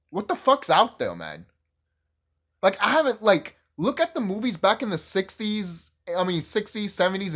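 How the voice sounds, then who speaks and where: Man, youtube reviewer, excitable, swears a lot, very lively pitch. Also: breathy edge. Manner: excitable, profane, gushing, rambling. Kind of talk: casual rant-style show review.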